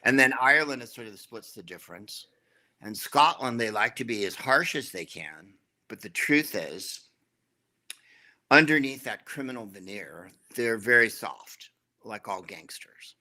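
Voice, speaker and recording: A middle-aged man, a comedian guest in an interview, telling anecdotes in a wry, dry way with quick asides. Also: medium pitch, animated, pushed and bright. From United States.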